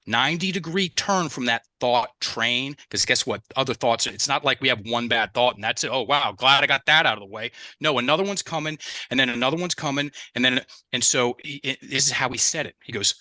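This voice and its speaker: A man's voice: medium pitch, a little fast, bright, forceful tone, no echo. A man as a mindset coach, telling stories in a casual interview and acting out quoted dialogue with animation, speaking into a headset.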